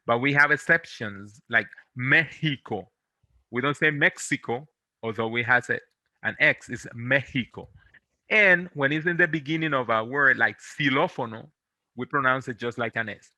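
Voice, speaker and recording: Guy teaching pronunciation, super bright crisp voice, dry close sound, patient and encouraging. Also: mid-range voice, dry recording. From Latin America. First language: Spanish. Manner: patient, drills syllables slowly and repeats them; encouraging, gently corrects and reassures. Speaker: Spanish teacher. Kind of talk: online pronunciation lesson.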